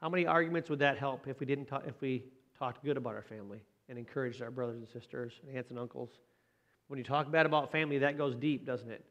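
A man delivering a sermon as pastor. His delivery is relaxed and conversational, with a mid-range voice. He keeps checking in with the congregation through tag questions. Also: mid-range voice, fast, muffled recording.

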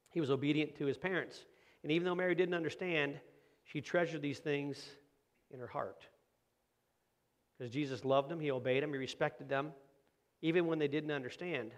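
A man's voice: a little high, brisk, pauses often. A middle-aged man preaching a conversational sermon, asking rhetorical questions and acting out quoted voices. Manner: acts out quoted voices of kids and parents. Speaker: pastor.

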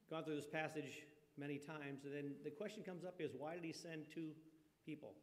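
A man's voice: on the high side, little pitch movement, a little fast. A man preaching a conversational sermon, folksy, often asking his congregation questions. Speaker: pastor. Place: church sanctuary. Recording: long reverb of a church hall.

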